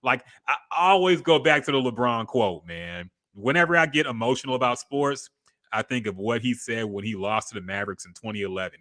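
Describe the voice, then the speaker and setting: A man's voice: medium pitch, animated, brisk, pushed and bright. A man co-hosting a podcast in casual sports chat, blunt and profane, reading out viewer comments. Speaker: podcast co-host.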